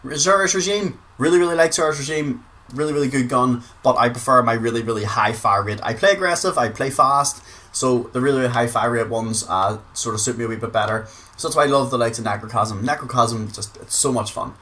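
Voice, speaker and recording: A Northern Irish gaming video creator gives casual commentary in a medium-pitched, bright, forceful voice at a brisk pace. He's chatty, swears freely, and repeats words for emphasis.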